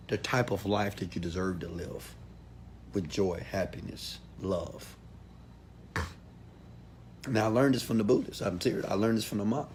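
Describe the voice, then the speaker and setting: A motivational speaker, male, addresses an audience in a preachy, direct way, shifting between loud rallying calls and quiet asides. His voice sits in the mid range and is slightly rough.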